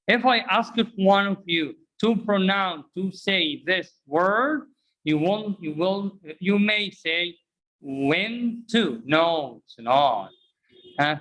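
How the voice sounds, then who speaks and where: A man's voice: high-pitched, fairly bright tone, poor audio. A man teaching English pronunciation, drilling phrases and asking learners to repeat after him, mixing in Arabic explanations. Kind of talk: interactive language lesson.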